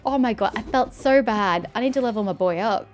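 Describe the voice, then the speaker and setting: A woman's voice: medium pitch, a little fast, soft background music. A young woman commentating animatedly while playing a video game, reacting with surprise and laughter. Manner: animated, swears and laughs at the story. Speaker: game streamer. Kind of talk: let's play commentary.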